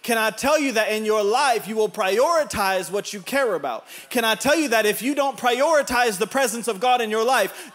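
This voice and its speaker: A man in his thirties preaching a sermon, telling a family story with laughs, then building to shouted emphasis. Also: high voice, expressive, moderate pace, few pauses. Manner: laughs through his own anecdotes.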